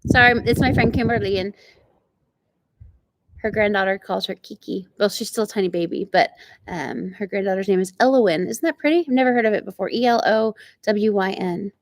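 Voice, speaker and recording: A woman's voice: medium pitch, fairly quick, no echo. Chatty Oklahoman woman on a ranch. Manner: chatty, greets viewers by name with bright bursts of enthusiasm. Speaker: ranch channel host reading live chat. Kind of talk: casual live-stream chat. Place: outdoors on a ranch.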